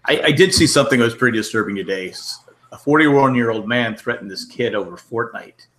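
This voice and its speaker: A man's voice: medium pitch, brisk, fairly bright tone. A man co-hosting a podcast, telling anecdotes in casual chat and laughing through his stories. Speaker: podcast co-host.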